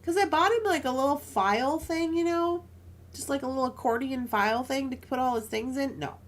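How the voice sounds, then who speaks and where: A woman's voice: high voice, lively intonation, moderate pace. A woman casually chatting while she crafts jewelry on a live stream, telling stories with frequent laughs and asides.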